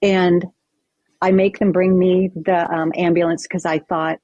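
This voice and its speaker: A woman's voice: fairly low pitch, measured pace, no echo, muffled recording. A woman guest on a podcast, recounting a personal story vividly and acting out what people said. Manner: vivid, animated retelling with acted-out quotes.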